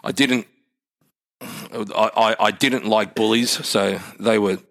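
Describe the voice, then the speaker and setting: A man's voice: lowish voice, steady tone, slow, vocal fry, a bit bright. A man with an Australian accent in his thirties, chatting casually as a guest, laid-back and swearing freely. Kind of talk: casual interview chat.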